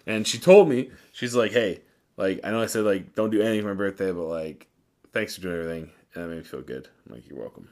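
A low-pitched man chats on a podcast. He tells long, rambling stories and swears freely. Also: lively intonation, fast talker, darkish tone. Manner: rambling storytelling, heavy swearing. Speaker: podcast co-host. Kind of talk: casual chat.

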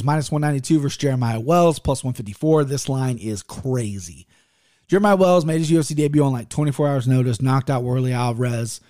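A man talking through his fight-betting picks in a loose, profane monologue. He trips over his own sentences and wanders off topic. He speaks at an ordinary mid-range pitch, and the recording is close and dry, with no room sound. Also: warm tone, no room sound. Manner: profane and rambling; restless, self-interrupting.

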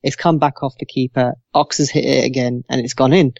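A man's voice: medium pitch, steady tone, fairly quick, creaky, darkish tone, no echo. A man in his thirties spins a rowdy anecdote as a podcast co-host, swearing freely and slipping into little voices for the people in his story. The sound is dry and a bit dull, like a modest lo-fi setup. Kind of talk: casual storytelling.

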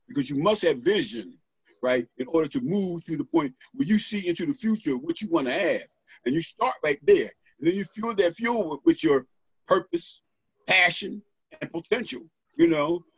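A middle-aged man with a high, husky voice gives an animated, preacherly pep talk as a podcast guest. He keeps tagging his points with "right?". The sound is dull and lo-fi with a dry, close feel. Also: no room sound. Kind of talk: motivational podcast conversation.

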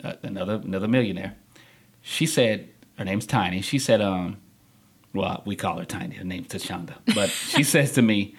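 Male interview guest, husky and animated, acts out quoted dialogue, laughs often. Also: deep voice, moderate pace. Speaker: podcast guest. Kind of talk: casual storytelling interview.

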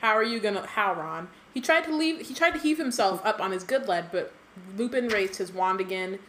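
A woman's voice: medium pitch, a little hiss or hum. Giggly woman reading a novel aloud. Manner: giggly, chatty, reads narration in a brisk even tone. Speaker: podcast co-host reading the book aloud. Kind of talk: casual book-club chat with read-aloud passages.

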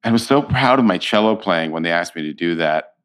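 A man being interviewed, telling stories in a casual, animated way with plenty of restarts. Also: deep voice, brisk, smooth. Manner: animated storyteller, slips into quoted voices. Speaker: actor, interview guest.

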